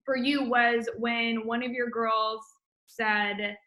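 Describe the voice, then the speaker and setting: A woman's voice: on the high side, little pitch movement, slow pace, sharp tone, reverberant, poor audio. A woman hosting a casual motivational chat, encouraging and enthusiastic, with lots of fillers. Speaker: host.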